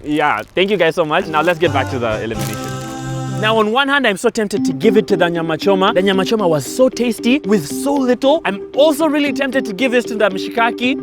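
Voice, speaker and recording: A high-pitched man hosts a food-tasting vlog, reacting to each bite playfully and with animation. Background music plays clearly under his voice. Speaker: food vlogger.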